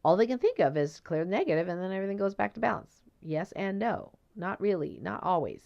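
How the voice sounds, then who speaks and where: A woman's voice: medium pitch, a little fast, vocal fry, lo-fi sound. A woman hosting a solo podcast about energy healing, talking conversationally with tag questions and acting out the people in her stories. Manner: animated storytelling, acts out quoted voices. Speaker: podcast host and energy healer.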